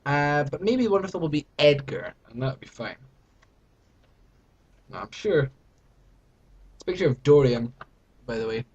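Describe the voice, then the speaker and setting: A man's voice: fairly high pitch, sing-song, moderate pace, pauses often, darkish tone, husky, muffled recording. A young British man talking to camera at home in a rambling, self-mocking, mock-dramatic way. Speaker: vlogger. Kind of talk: casual chat to camera.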